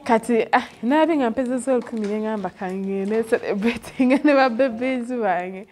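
A woman's voice: on the high side, normal speed, darkish tone, slight background noise. A young Ugandan woman vlogging at a village school, tearful and laughing as she switches between English and Luganda. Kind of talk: casual vlog. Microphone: handheld phone.

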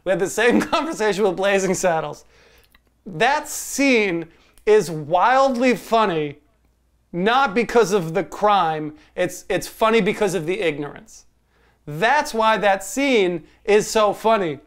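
A man co-hosting a casual movie review podcast, wry and quick to laugh while making his points. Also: high-pitched, expressive. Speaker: podcast co-host.

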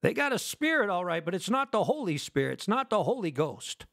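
A man preaching a fervent sermon, firing rhetorical questions at his listeners and swinging between loud declarations and hushed lines. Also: high voice, big pitch swings, fairly quick, gravelly. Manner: asks the audience rhetorical questions.

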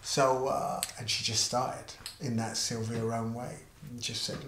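A middle-aged man, interviewed as a musician and artist manager, tells a casual anecdote at a measured pace. His voice is mid-range, and he animatedly acts out the voices of the people involved. The room adds echo, and faint background noise lingers.

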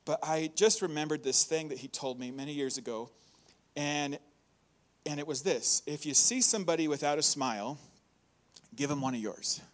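A man in his thirties preaching a sermon in a church. He is upbeat and animated and laughs often between his points. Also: on the high side, moderate pace. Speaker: pastor. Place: church hall.

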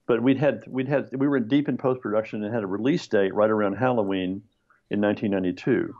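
Fast and on the low side, this man's voice comes through lo-fi sound. Appearing as a screenwriter guest in a relaxed interview, he animatedly recounts a lengthy anecdote, laughing a lot and imitating the people he quotes.

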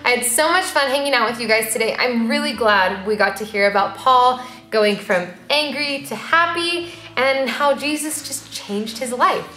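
A young woman leading a preschool church Bible lesson, sing-song and animated, asking the kids questions. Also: a little high, normal speed, few pauses. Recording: roomy echo with faint music.

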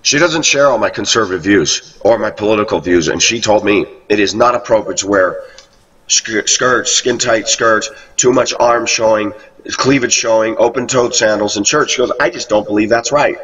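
A man's voice: fairly low pitch, normal speed, fairly bright tone, slightly rough. A man rambling through a monologue about his life, often quoting people in a raised voice. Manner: rambling, quotes others in raised voice. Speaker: video blogger. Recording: muffled, distant lo-fi recording.

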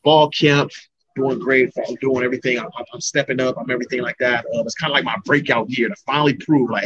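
A man's voice: mid-range voice, fairly even intonation, fast, crowd noise. A young man from Florida, an MMA fighter telling his story in a rambling, casual interview. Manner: rambling, restarts sentences often. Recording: dull lo-fi recording.

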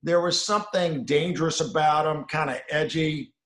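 A middle-aged man, a film director, telling anecdotes in an interview and dropping to a low murmur on asides. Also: fairly even intonation, normal speed, a bit bright. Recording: roomy echo.

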